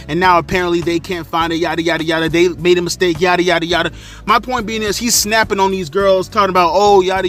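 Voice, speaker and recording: Heated, profane man with a bright voice. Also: high-pitched. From South Florida. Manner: profane, heated, animated retelling. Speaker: storyteller vlogger. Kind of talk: casual storytelling rant.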